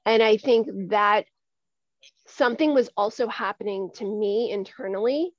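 A woman's voice: medium pitch, normal speed, no echo. A woman in her forties talks openly as an interview guest, earnest and repeating words while she finds her way. Her voice is close and dry, with no room around it. The recording is dull and lo-fi. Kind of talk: candid conversational interview.

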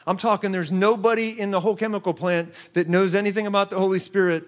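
A middle-aged man telling an animated faith testimony, excitable and emphatic, acting out what people said. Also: high voice, quick pace. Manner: excitable, emphatic, acts out quotes with gasps and laughs.

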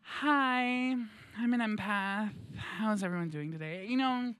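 A man's voice: high voice, a little slow, a bit bright, slight background noise, voice pushed up. A man playing a smug male empath in a comedy sketch, talking in a soothing, pleading, self-congratulating way.

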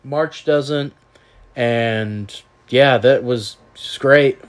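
A man co-hosting a casual sports podcast, chiming in with team nicknames and conference trivia. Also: medium pitch. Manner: chatty, quick to add team trivia. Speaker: podcast co-host.

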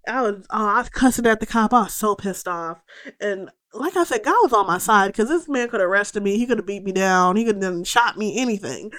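A woman's voice: medium pitch, fairly quick. A young woman telling a story in casual talk, swearing freely and acting out what people said. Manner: animated, profane, quotes people in raised voice.

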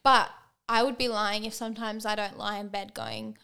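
A young mother co-hosting a podcast, talking in a relaxed, agreeable way and often chiming in. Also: medium pitch, moderate pace, smooth. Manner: relaxed, agreeable, backchannels a lot. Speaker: podcast co-host. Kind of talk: casual chat.

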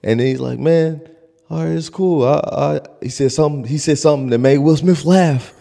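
Gravelly young man telling animated stories. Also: fairly high pitch, fairly quick, in a large hall. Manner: animated storyteller, breaks into laughter and loud retellings. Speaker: podcast co-host. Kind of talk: casual chat.

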